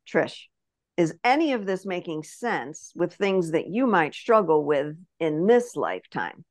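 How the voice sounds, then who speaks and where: A woman with a lowish voice gives a spiritual reading and tells it as a lively story. She keeps acting out little quoted voices and keeps asking whether her listener follows. The sound is close and dry, with no room around it. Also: unhurried, no echo. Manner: animated storyteller who acts out quotes; checks in with the listener often. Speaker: spirit messenger, podcast guest.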